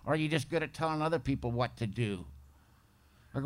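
A man speaking at a recovery meeting, telling his story bluntly, with rough slang and gruff humor. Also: on the high side, quick pace, long pauses. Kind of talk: storytelling talk.

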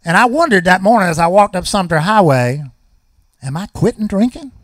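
A man's voice: high voice, animated, fairly quick, no echo, studio quality. A man, telling a personal recovery story at a meeting with folksy, wry humor.

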